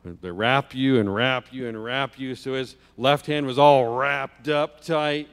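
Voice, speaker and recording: A man's voice: mid-range voice, fairly even intonation, a little slow, clear, resonant tone. A man preaching as a guest speaker, telling a children's story in a church sanctuary with vivid detail and rhetorical questions. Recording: long church hall reverb.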